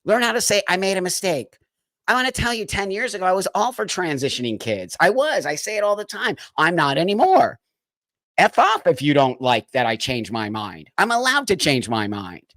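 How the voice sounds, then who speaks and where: A man's voice: high voice, very animated, brisk, a bit bright, no room sound, clean studio sound. Heated man hosting a live stream. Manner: heated, emphatic, talks straight to viewers. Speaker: livestream host. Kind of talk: live-stream political commentary.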